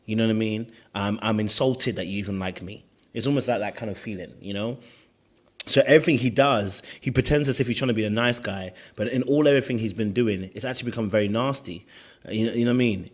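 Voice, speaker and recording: A man commenting at length on a reality show, reflective and often checking in with "you know what I mean". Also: lowish voice. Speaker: panel co-host. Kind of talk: casual commentary chat.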